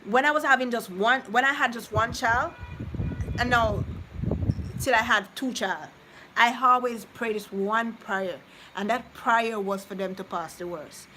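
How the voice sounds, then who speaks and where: A woman's voice: fairly high pitch, measured pace, bright, forceful tone, a little hiss or hum, rough recording. A woman, chatting casually with live-stream viewers. She rambles, repeats herself, and speaks from the heart. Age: 30s. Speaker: vlogger reading live chat.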